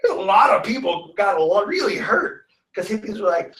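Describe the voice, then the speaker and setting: A man's voice: high voice, moderate pace, few pauses, echoey room, far from the mic. A man from the San Francisco Bay Area, a guest teacher telling stories in a casual interview and acting out the people he quotes. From San Francisco Bay Area, USA. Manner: lively storyteller who acts out quoted voices. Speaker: guest teacher of students and clients.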